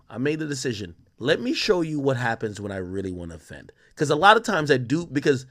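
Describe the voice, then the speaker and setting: Young man, bright voice, lively pitch swings, casual profane storytelling. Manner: profane, quotes others in shifting voices. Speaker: streamer telling a story.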